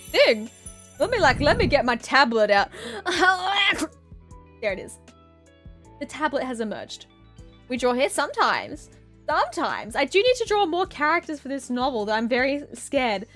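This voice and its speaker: High, lively, giggly woman streamer. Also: unhurried, soft background music. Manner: rambling, giggly, playful tangents. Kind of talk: casual live-stream chat while drawing.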